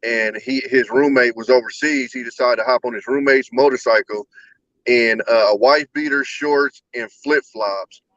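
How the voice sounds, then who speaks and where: A man's voice: mid-range voice, fairly even intonation, normal speed, a bit bright, no room sound. Rowdy, profane man hosting a podcast. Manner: profane, rowdy storytelling, says "bro" constantly. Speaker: podcast host. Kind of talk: casual podcast chat. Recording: dull, dry lo-fi sound.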